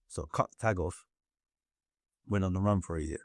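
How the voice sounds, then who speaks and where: A man's voice: deep voice, normal speed, darkish tone, dry recording, studio quality. A young man from England, telling his life story bluntly in a casual interview, swearing and acting out what people said. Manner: blunt, swearing, acts out voices in quotes, many fillers.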